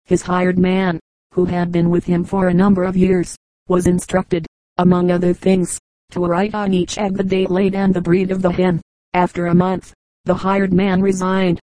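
Mellow-voiced woman reading a joke book. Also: on the low side, monotone, moderate pace, no room sound, low-quality recording. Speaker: audiobook reader. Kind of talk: scripted narration of a joke book.

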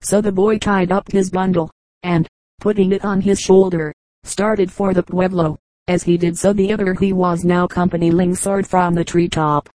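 Calm, even-voiced woman reading folk tales. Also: lowish voice, moderate pace, dry recording, low-quality recording. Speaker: audiobook reader. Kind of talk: scripted narration of folk tales.

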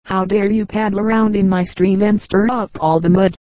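A woman's voice: medium pitch, normal speed, mellow, dry recording, close to an everyday voice. A woman voicing a hungry, savage male wolf who snarls accusations in a storybook fable. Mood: fierce.

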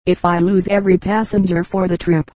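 A tall, rough boat captain who makes his decisions firmly but kindly, as a woman reader puts him on. His lines come low and level, with little rise and fall. He speaks in a storybook reading. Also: little pitch movement, fairly quick, warm tone, dry recording, lightly acted.

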